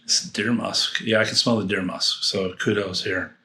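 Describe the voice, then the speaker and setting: A man's voice: lowish voice, steady tone, normal speed, pushed and bright, echoey room. A man reviewing fragrances in a casual unboxing, rambling and thinking aloud with frequent restarts.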